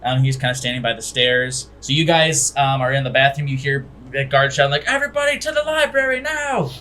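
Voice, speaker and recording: A man's voice: mid-range voice, little pitch movement, fairly quick, pushed and bright, poor audio. A young man narrating as game master, casual and filled with ums and likes.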